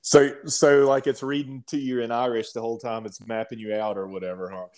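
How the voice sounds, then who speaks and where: Man, podcast co-host, casual banter, easygoing, rambling, mid-pitched voice. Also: level tone, brisk, darkish tone.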